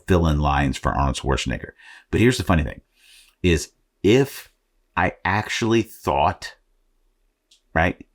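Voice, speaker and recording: Brief: man from Arizona, very low voice, casual and self-deprecating podcast host who speaks about faith and calling. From Arizona, United States. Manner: conversational, self-deprecating, with frequent fillers. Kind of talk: motivational faith podcast talk.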